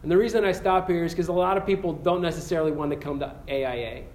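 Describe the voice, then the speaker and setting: A man's voice: fairly high pitch, steady tone. Earnest man preaching in an echoey room. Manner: earnest storytelling with restarts, slowing into quiet prayer. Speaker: campus pastor. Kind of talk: sermon ending in prayer. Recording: echoey room with faint ambience.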